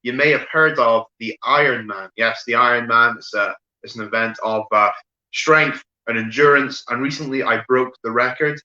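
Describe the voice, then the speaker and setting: Bright-voiced man telling one-liners. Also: mid-range voice, normal speed. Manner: deadpan delivery with frequent "right?" asides and fillers. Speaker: stand-up comedian. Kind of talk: online stand-up set of one-liners. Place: home room, streamed online show. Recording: roomy echo, dull lo-fi sound.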